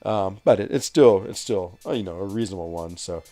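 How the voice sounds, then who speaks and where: A man from West Virginia, United States, hosts a game livestream, telling rambling, chatty stories full of fillers and laughs while reading out chat. His voice is low-pitched and dark in tone, fairly quick, with faint music behind.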